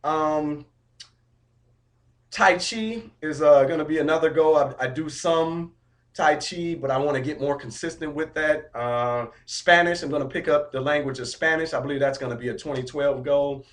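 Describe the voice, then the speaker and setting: A man's voice: on the high side, normal speed, a bit bright. Upbeat motivational man telling a story. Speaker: vlogger. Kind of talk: casual vlog update.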